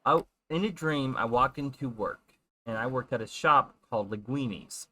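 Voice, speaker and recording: A young man casually telling a funny dream story in an animated way. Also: mid-range voice, dry recording. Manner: animated, puts on quick character voices in quotes.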